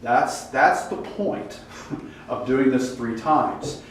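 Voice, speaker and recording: A man teaching a Bible class in a casual lecture style, acting out quoted lines with lively pitch jumps. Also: very slow. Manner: animated, acts out quoted dialogue with rising pitch. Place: church classroom. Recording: distant echoey room mic with faint noise.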